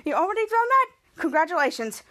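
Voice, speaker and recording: A woman hosting a podcast, recapping a TV episode in a casual, excited way with many fillers and restarts. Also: very high voice, fast talker. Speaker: podcast host.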